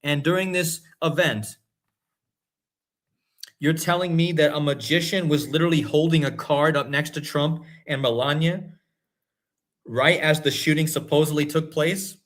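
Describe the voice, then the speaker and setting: A man with a slightly high voice hosts a casual livestream. He talks with eager emphasis, going back over his points again and again for the viewers in the chat. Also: moderate pace. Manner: excited, emphatic, repeats himself. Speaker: host. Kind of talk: livestream commentary.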